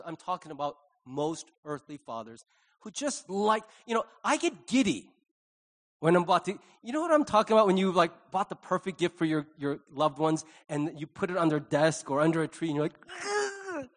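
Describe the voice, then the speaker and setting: A man's voice: on the high side, lively intonation, brisk. A middle-aged man preaching a conversational sermon, telling stories with animation and acting out the dialogue. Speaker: pastor.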